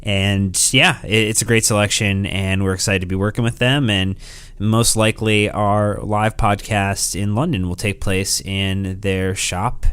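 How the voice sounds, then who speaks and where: Smooth low man, dry close sound. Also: steady tone, unhurried, a bit bright, dry recording. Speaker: podcast co-host. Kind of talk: casual podcast chat.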